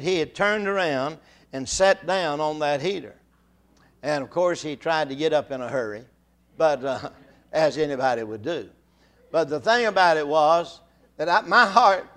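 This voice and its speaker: An older man preaching a sermon, full of halting restarts and repeated words that build into fervent calls to the congregation. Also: on the high side, a bit bright.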